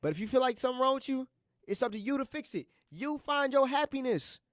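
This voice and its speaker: A man's voice: very high voice, lively intonation, quick pace, a bit bright, no room sound, studio quality. A young man hosting a college radio show, talking in an earnest, slangy, repetitive motivational way. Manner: earnest, slangy, repeats himself often. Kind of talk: casual motivational talk. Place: radio studio.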